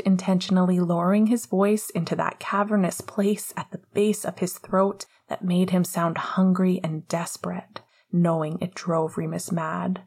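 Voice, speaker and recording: A woman narrating intimate fiction in a soft, close voice. Her tone is low and breathy, and the reading often sinks to a whisper. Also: level tone, unhurried, few pauses. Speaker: audiobook reader.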